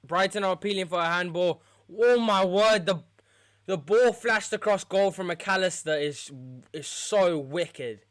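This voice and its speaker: A young man streaming a football watchalong, muttering through quiet spells and yelling at big chances. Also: sits high, normal speed, clean tone, no room sound. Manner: excitable, shouts at big chances, mutters otherwise. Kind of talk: live football watchalong commentary.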